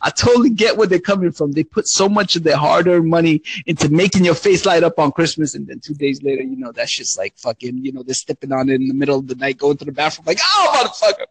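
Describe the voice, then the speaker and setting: A man's voice: a little high, fast talker, few pauses, breathy edge, no room sound. An adult man telling childhood stories in casual, profane chat, acting out voices as he goes.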